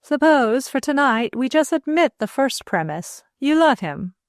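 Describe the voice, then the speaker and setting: Brief: a woman doing a proud society matron, a raised and forceful voice, haughty. Dry, close read. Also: sits high, big pitch swings, a little slow, dry recording, voice pushed up. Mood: gentle.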